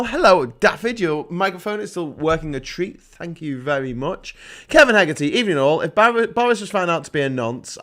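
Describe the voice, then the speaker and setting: Brief: middle-aged English livestream host, slightly higher voice, sarcastic, sweary, laughs at his own jokes. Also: fairly bright tone. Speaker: livestream host reading viewer comments. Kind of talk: casual ranting live chat.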